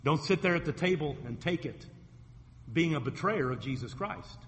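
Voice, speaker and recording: A man's voice: fairly high pitch, expressive, normal speed, long reverb tail. A man preaching a sermon as a pastor, retelling scripture stories vividly and acting out the quoted voices.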